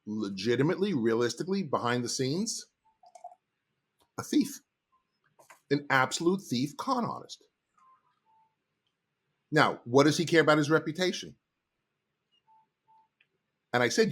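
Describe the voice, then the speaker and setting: A middle-aged man, a sales trainer, telling stories in an animated, emphatic way as a podcast guest. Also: fairly high pitch, a little slow, long pauses, husky. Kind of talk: casual interview talk.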